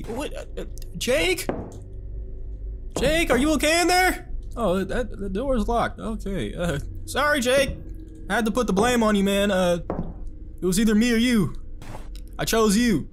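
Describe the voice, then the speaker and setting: A man's voice: extremely high pitch, measured pace, long pauses, a little hiss or hum. A young man giving casual, profane, jumpy gameplay commentary as a streamer. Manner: excitable, profane, jumpy reactions. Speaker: gaming streamer.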